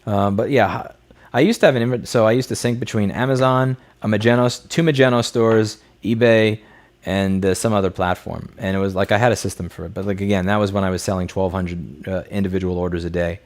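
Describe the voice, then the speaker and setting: A man with a somewhat low voice hosts a casual livestream Q&A. He reads chat messages aloud and answers them in a blunt, off-the-cuff way, swearing freely. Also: steady tone, a little fast.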